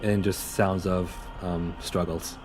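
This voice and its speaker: Deep-voiced young man narrating a tabletop game. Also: little pitch movement, a little mellow, soft background music. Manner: loose, halting narration with many fillers. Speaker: game master.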